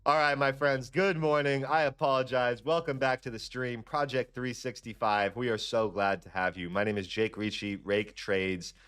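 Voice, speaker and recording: A young man hosting a live trading stream, chatting casually and ranting in a slangy, profane, animated way. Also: normal speed, hardly any pauses, clean tone. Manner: animated, slangy and profane, with lively jumps in pitch. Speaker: livestream trading host. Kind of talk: casual livestream chat and rant.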